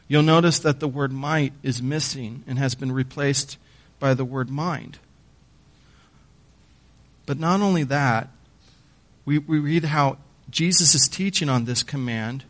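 Man preaching with a slightly high voice. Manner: reads scripture aloud, then explains it with emphatic pauses; occasional repeated words when explaining. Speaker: pastor. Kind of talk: sermon.

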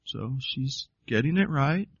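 A man's voice: mid-range voice, expressive, slow, husky, no room sound, dull audio. A man preaching a sermon as pastor, emphatic, often putting questions to the congregation.

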